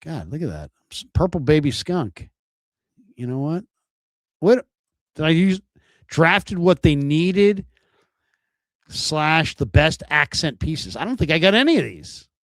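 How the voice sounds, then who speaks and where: A male sports show host chatting through a live stream and answering viewer chat. His pitch swings widely as he muses aloud with rhetorical questions. The sound is dry and close. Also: big pitch swings, unhurried, pauses often, no room sound.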